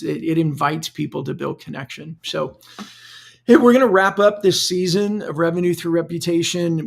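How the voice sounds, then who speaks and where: Middle-aged male podcast host with a heavy gravelly fry and a slightly high voice, chatty solo monologue with restarts. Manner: conversational, loose, repeats words while thinking.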